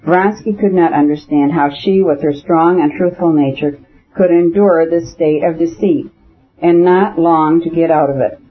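Brief: male narrator, husky and slightly high, measured novel reading, dull lo-fi sound. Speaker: audiobook narrator. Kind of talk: scripted narration of a classic novel. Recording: dull lo-fi audiobook recording.

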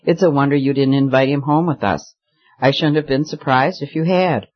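A man's voice: mid-range voice, normal speed, close to an everyday voice. A man voicing a spoiled, bored rich young woman who talks carelessly and with petulance, in a slightly muffled recording. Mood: petulant.

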